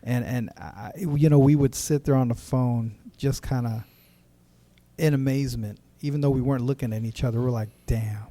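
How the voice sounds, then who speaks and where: A man co-hosting a podcast in relaxed chat, tripping over his first words as he eagerly recalls a story. His tone is mellow and warm. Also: medium pitch, normal speed. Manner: stammering, enthusiastic recollection. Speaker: podcast co-host. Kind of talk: casual chat.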